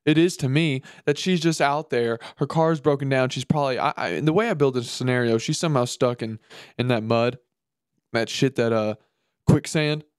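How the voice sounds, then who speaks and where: A man's voice: medium pitch, moderate pace, smooth, dry recording, studio quality. A man hosting his own podcast, ranting casually and crudely, mocking things and putting on silly voices. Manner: profane, animated, mocking, puts on silly voices. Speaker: podcast host. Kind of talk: casual solo comedic rant.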